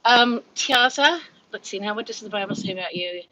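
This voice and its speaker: A woman's voice: mid-range voice, normal speed, sharp tone, muffled recording. Breathless fifties woman chatting on a livestream. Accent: Californian. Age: 50s. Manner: candid, chatty, laughs often, reads comments aloud. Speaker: livestream host. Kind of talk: casual live chat. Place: at home.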